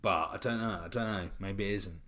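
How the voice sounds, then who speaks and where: Man, British accent, young adult, podcast co-host, jokey banter, lowish voice. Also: fairly quick, over a noisy crowd. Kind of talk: casual chat.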